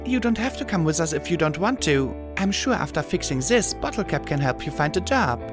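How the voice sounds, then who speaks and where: A man's voice: on the high side, very animated, brisk, over music, pitched above the performer's own voice. Man doing a pouting unicorn mare heroine. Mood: weary. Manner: pouting, defensive. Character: female unicorn pony heroine, defensive.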